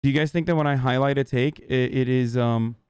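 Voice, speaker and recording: A man streaming live, ranting heatedly at his chat with lots of swearing and halting restarts. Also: medium pitch, steady tone, darkish tone, smooth, no room sound. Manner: profane, agitated, halting restarts.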